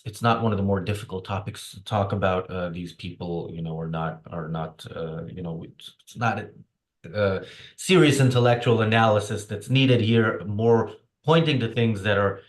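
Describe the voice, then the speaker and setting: A jet-lagged man co-hosting a casual political discussion, speaking haltingly and restarting often. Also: sits low. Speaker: podcast co-host. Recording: roomy echo.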